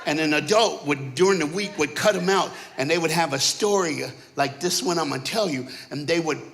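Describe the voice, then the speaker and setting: A man preaching in a church, telling comic stories from his childhood with lively, punchy delivery and acting out family members. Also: on the high side, a little fast. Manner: animated, punchy storyteller who acts out family characters. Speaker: guest preacher. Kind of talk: comedic storytelling sermon. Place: church auditorium stage.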